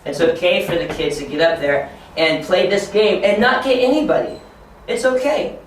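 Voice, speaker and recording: A man training teachers, talking encouragingly and acting out excited children in a high voice. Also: moderate pace, slight background noise. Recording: echoey room from far off.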